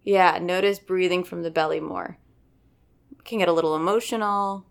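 A woman's voice: fairly low pitch, moderate pace, creaky, clean tone. A woman voice coach chatting casually and eagerly, often checking in with listeners. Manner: animated, keeps checking in with "right?". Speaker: voice and dialect coach. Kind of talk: casual chat.

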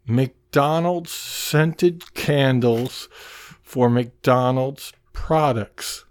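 A man's voice: mid-range voice, clean tone. A man from Iowa, a podcast guest who talks casually, restarts often and repeats words, with a joking touch. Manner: halting, repeats words, jokey.

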